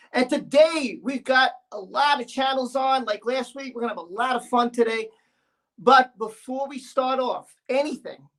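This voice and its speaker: A man hosting a livestream in casual, excitable, chatty talk. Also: very high voice. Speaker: livestream host.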